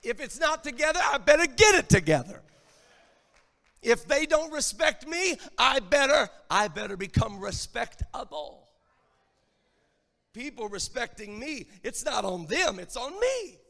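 A man preaching a sermon, emphatic and rising to shouted lines. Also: extremely high pitch, big pitch swings, a little slow, gravelly, big-room sound. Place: church.

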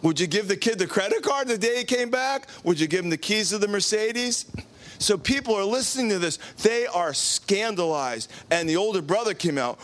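A man's voice: high-pitched, brisk. A man preaching a casual Sunday-night sermon, telling a story with acted-out quotes and questions to the congregation. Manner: animated, acts out quotes, asks the congregation questions. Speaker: pastor. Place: church.

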